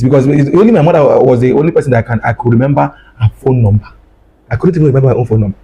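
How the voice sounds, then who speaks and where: A man tells his story in a husky, mellow voice. He circles back and repeats his phrases, and he acts out what people said. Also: medium pitch, rapid-fire, rough recording. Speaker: guest recounting his ordeal. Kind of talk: emotional first-person storytelling.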